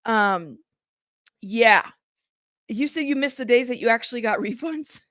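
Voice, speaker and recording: Uma mulher apresentando uma live casual, conversando com o chat de forma tagarela, recomeçando frases, cansada e frustrada. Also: female voice, on the high side, animated, a little slow, fairly bright tone, no room sound, studio quality. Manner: chatty, greets chat by name, rambling restarts. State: tired and frustrated. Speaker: livestream host.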